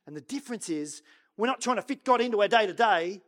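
High-voiced pastor preaching with swelling intensity. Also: male voice, lively intonation. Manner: swings between loud urging and hushed, slow prayerful quoting. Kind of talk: sermon.

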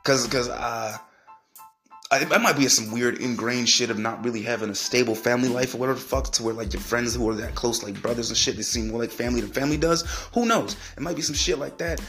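A fast-talking young podcast host with a medium-pitched, slightly bright voice rants angrily at his friends over faint background music. It's a profane solo rant: constant swearing, stumbles over repeated words, and whiny-voiced mockery.

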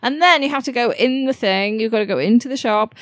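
A woman's voice: a little high, fast, no echo, studio quality. A woman, co-hosting a podcast in a casual, chatty way and laughing often. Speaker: podcast co-host. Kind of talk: casual chat.

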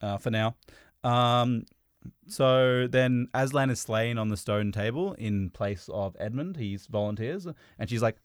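Casual male co-host who rambles and restarts, mid-pitched, on a dry close mic. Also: unhurried, clear, resonant tone, no room sound. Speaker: podcast host. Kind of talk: casual chat.

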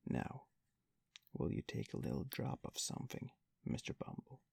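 A sly matron, all fawning sweetness and false humility, as a man reading the story puts her on. Her voice is gravelly and husky from a low-pitched reader, and it rises and falls with lively swoops as she coaxes. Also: normal speed, no echo, full character voice. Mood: coaxing. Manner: wheedling, falsely humble. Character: fawning sly woman running a workhouse nursery.

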